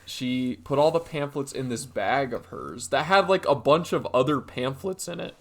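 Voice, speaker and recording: Gravelly young man telling rambling stories. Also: mid-range voice, lively intonation, normal speed. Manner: rambling storytelling with many fillers. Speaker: podcast co-host. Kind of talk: casual chat.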